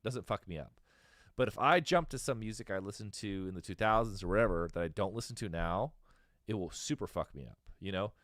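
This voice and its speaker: A man's voice: on the low side, fairly bright tone, no room sound, studio quality. A man in his thirties in casual chat as a podcast host, rambling, swearing and laughing easily. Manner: rambling, profane, quick to laugh.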